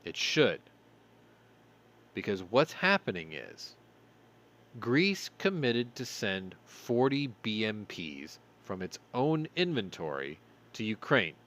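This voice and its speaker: A man's voice: fairly low pitch, very animated, slow, a bit bright. A tired man hosting a show, reading news stories aloud and breaking off for sarcastic asides. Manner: sarcastic asides between read headlines. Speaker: show host.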